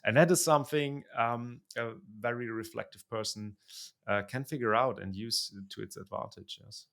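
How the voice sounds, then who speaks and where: A man hosting a podcast interview in a relaxed conversational style, pausing and searching for the right words. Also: mid-range voice, vocal fry. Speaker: podcast host.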